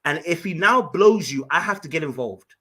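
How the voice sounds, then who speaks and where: A man from Ghana, telling an animated story in casual podcast chat, full of fillers and restarts. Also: on the high side, normal speed, slightly rough. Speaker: podcast guest.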